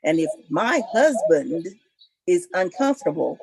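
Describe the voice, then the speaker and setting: Passionate woman on a couples panel, lowish husky voice, dry sound. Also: moderate pace, a little mellow, no echo, rough recording. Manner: passionate, emphatic. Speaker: married guest on a couples panel. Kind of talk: casual panel discussion.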